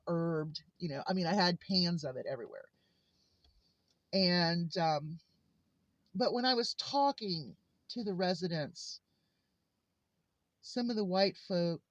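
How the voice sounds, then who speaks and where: A woman's voice: on the low side, dry recording. A woman vlogger telling personal stories in a heartfelt, earnest way. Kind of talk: casual personal monologue. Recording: slightly muffled lo-fi recording.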